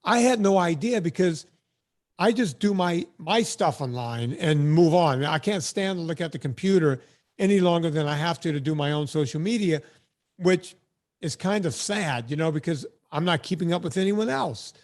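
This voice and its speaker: A man's voice: a little high, moderate pace, darkish tone. A man hosting a podcast interview, chatting casually and telling stories with self-deprecating humor. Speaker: podcast host.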